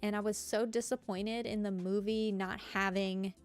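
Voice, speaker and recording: Southern-accented woman streamer, casual giggly chat, mid-range voice, soft music under. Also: mid-range voice, little pitch movement, moderate pace. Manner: chatty and giggly, lots of fillers. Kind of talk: casual chat with live viewers.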